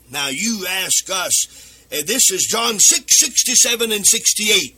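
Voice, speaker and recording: A man preaching a radio sermon into a microphone, fervent and swinging into sing-song emphasis and sudden shouts. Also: high-pitched, big pitch swings, a little slow, breathy edge. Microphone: speaking into a microphone.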